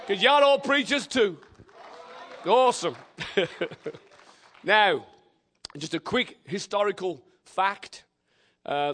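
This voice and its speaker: An older man with an English accent, preaching a lively, joking sermon in a church. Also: sits high. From England. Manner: exuberant, shouting praise, joking with the congregation. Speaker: visiting preacher.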